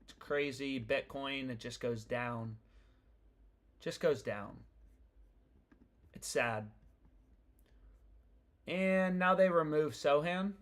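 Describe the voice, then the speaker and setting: A man's voice: medium pitch, slow, pauses often. A young man chatting casually on a live stream about sports bets, slangy and profane, rambling from thought to thought. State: annoyed.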